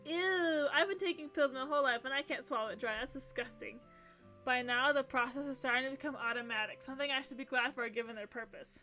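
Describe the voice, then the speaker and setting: A woman streamer with a high, bright voice reads a game's narration aloud. She keeps breaking into excitable, gushing reactions. Quiet game music runs in the background. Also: fast talker. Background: faint game music.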